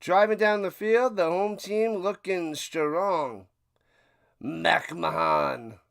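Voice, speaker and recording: A man streaming a live football watch party, giving casual play-by-play commentary and bursting into loud calls. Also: sits high, extremely slow, vocal fry, dry recording.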